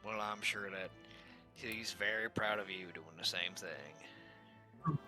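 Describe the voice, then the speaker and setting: Dude doing a folksy polite adventurer, low voice, bright tone, kinda soft. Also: male voice, slow pace, soft background music, full character voice. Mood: consoling. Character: courteous, folksy adventurer man, protective.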